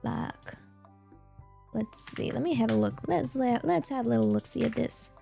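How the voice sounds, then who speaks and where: A woman's voice: on the high side, unhurried, creaky, warm tone, faint music behind. A woman streamer putting on a Southern US accent as a playful, self-conscious persona, chatting casually and trying out phrases aloud. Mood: chatty. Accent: put-on Southern US. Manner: giggly, practicing phrases aloud. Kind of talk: casual livestream chat.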